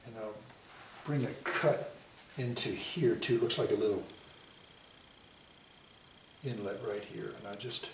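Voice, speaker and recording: A man giving a painting lesson, talking himself through each stroke in an unhurried, self-commenting way. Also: fairly low pitch. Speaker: painting instructor. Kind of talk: painting demonstration. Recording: echoey room, mic at a distance, faint hiss.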